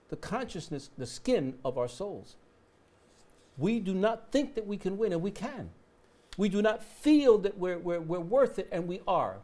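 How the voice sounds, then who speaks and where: A man with a fairly high voice, speaking as a talk show guest. He is emotional and preacherly, stacking repeated phrases for rhythm and weight. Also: darkish tone. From Puerto Rico heritage. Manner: emotional, preacherly, repetitive rhetoric. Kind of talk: impassioned talk show remarks.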